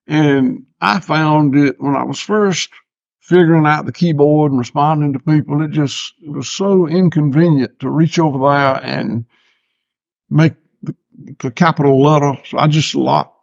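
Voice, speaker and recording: A man's voice: a little high, normal speed, creaky, no echo. An older man, a farmer guest, chatting casually in an interview with laid-back, dry self-mocking humor. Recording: slightly dull lo-fi sound.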